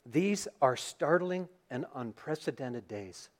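A man preaching a sermon as pastor in a church, reading scripture and then retelling the story in an animated, dramatic way. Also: medium pitch, slow pace. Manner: animated storytelling, acting out scenes. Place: church sanctuary.

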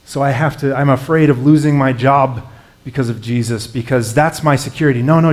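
A man's voice: mid-range voice, fairly even intonation, fairly quick. A man, a pastor with young children, preaching a sermon in an earnest, conversational way, rising into emphatic passages.

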